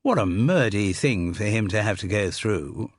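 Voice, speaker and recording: A cheerful, dim upper-class young gentleman, as a male reader puts him on, hearty and bumbling with stammering starts. His voice is slightly breathy and swings lively in pitch. The storybook recording is close and dry. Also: normal speed, no room sound. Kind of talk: audiobook character voice. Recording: dry close studio sound.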